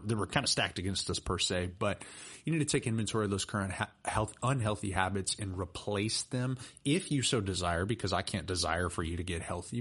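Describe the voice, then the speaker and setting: Young man, podcast co-host, lower-pitched, loose animated storytelling. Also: breathy edge. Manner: chatty, animated storyteller with laughs and fillers. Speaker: personal trainer and podcast co-host. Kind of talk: casual podcast chat and storytelling.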